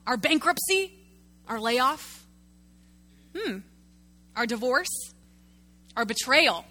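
A woman pastor preaching a sermon in an animated way, calling out to the congregation and working with a prop. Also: high voice, slow pace.

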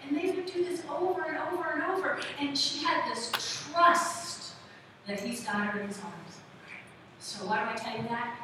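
A woman's voice: a little high, a little slow. A woman in her sixties preaching a sermon, telling stories and putting questions to the congregation. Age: 60s. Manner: conversational storytelling, questions to the congregation. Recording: echoey hall from far off, audible room noise.

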